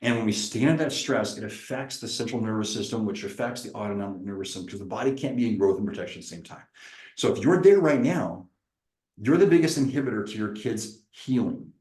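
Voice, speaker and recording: A man, a chiropractor, giving an energetic, preacher-like seminar presentation. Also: fairly low pitch, fast talker, roomy sound, poor audio. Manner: lively, preacherly, acts out little dialogues.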